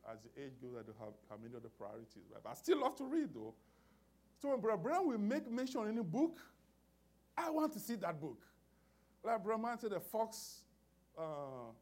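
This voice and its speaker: A man preaching a sermon, speaking with emphasis, repeating words and phrases, and often calling out to the congregation for an amen. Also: a little high.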